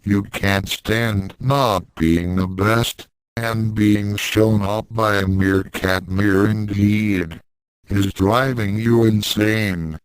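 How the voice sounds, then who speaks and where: A man's voice: on the low side, steady tone, very slow, clear, resonant tone, dry recording, low-quality recording. A man voicing a smug invisible talking cat. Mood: condescending. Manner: condescending, dry and mocking. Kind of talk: audiobook reading of fan fiction.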